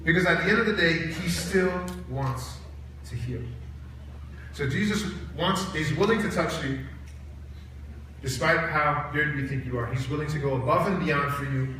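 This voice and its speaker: Man, chapel sermon, animated storytelling, high bright voice, booming hall echo, faint room noise. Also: brisk. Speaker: college chapel preacher. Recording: echoey hall, heard from a distance.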